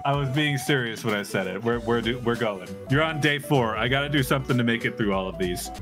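A man's voice: medium pitch, fairly quick, over music. A man bantering with a streamer during a game stream, sarcastic and teasing and swearing a lot. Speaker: streamer's co-host friend. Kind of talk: casual gaming stream banter.

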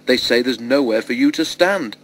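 A man voicing a kindly male engine driver who speaks low and confidingly. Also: animated, normal speed, a bit bright, slight background noise, close to an everyday voice.

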